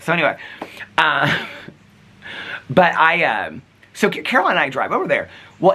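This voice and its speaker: A man vlogging, telling a rambling story with lots of asides and quoted back-and-forth. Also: mid-range voice. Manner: chatty, animated, rambling with asides. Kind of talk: casual storytelling vlog.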